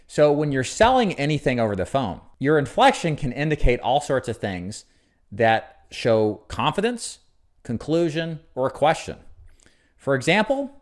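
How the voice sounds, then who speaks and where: A man giving lively coaching commentary on a recorded sales call, laughing at his own jokes and showing how to use inflection. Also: mid-range voice. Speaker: sales trainer.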